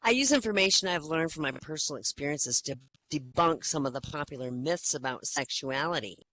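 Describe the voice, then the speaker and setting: A woman's voice: sits low, lively intonation, brisk, a bit bright, a little hiss or hum, rough recording. A woman voicing a brazen female lecturer on a plane in a told joke, with a matter-of-fact delivery and an everyday mid-range voice. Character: flirty female lecturer on an airplane.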